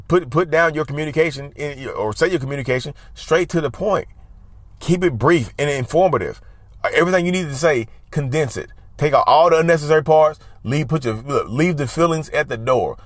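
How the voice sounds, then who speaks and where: In a dry recording, a man with a medium-pitched voice chats casually to camera as an advice vlogger. He calls his viewers y'all often and delivers his advice in an emphatic, repetitive manner.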